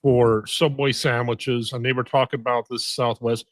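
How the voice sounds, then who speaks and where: A man's voice: mid-range voice, little pitch movement, moderate pace, dry recording. Hesitant, supportive man on a stream. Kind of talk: casual livestream chat.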